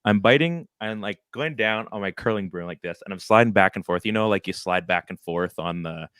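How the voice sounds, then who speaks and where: On a close studio microphone with a dry recording, a man with a smooth, fairly low voice talks a little fast. Co-hosting a podcast, he tells a rambling, animated story in casual chat, punctuated by self-deprecating laughs.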